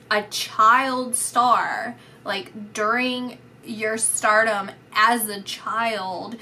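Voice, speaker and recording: Slow, halting woman with a bright voice. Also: mid-range voice, slight background noise. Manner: halting, restarts often with "like", pauses between phrases. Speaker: psychic reader. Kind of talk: intuitive reading, spoken to the camera.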